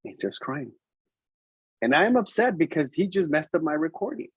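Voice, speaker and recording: A man, a preschool teacher, telling a classroom story to educators in an animated way, switching between English and Spanish. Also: fairly high pitch, moderate pace, slightly rough, dry recording, rough recording. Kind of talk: storytelling presentation.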